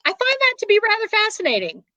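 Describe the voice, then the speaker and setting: A woman's voice: very high voice, wildly swooping pitch, quick pace, pushed and bright, dry recording, low-quality recording. A woman with a Southern US accent hosting a casual chat show, chatty and drawling, laughing often. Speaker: show host.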